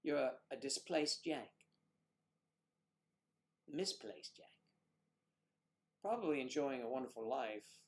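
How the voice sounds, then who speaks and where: A man's voice: mid-range voice, expressive, slow, long pauses. A middle-aged man from the United States hosting a casual livestream, teasing viewers by name with bawdy jokes. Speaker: livestream co-host. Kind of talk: casual livestream chat reading comments.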